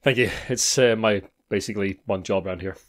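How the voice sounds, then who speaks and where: A man's voice: lowish voice, brisk, a bit bright. A man co-hosting a board game news podcast, reading headlines and chatting in a wry, punning way. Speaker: podcast co-host. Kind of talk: casual news podcast chat.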